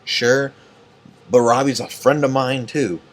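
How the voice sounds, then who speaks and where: A man's voice: medium pitch, fairly even intonation, slow. A tired man ranting late at night as an online group admin, angry and profane, rambling with many fillers. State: tired and yawning.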